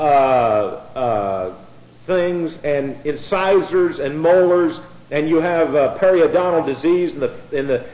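Male preacher, slightly high voice, loose conversational Bible teaching with restarts, recorded in an echoey room. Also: a little mellow. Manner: repeats words when starting phrases, conversational.

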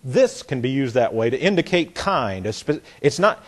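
A man's voice: medium pitch, big pitch swings, normal speed. A middle-aged man teaching a Bible lesson in a folksy sermon style, repeating phrases and reading lines aloud to show a point.

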